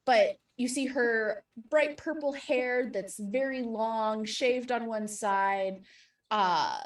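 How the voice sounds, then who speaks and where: A woman game master narrates a tabletop roleplaying session in an unhurried, higher voice, laughing now and then and pausing on fillers. She sits back from the mic in a roomy, echoing space. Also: far from the mic. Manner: slow, laughing, with many fillers.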